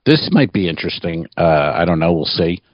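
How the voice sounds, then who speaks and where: A man's voice: deep voice, very animated, a little fast, no room sound, highs cut off. A man hosting a comedy podcast, telling rambling crude stories and laughing often. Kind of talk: casual comedic storytelling.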